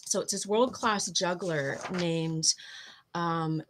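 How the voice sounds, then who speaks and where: A woman's voice: lowish voice, takes it slowly, slight background noise. A woman guest coach explaining ideas in a casual interview, tripping over her words and laughing at herself.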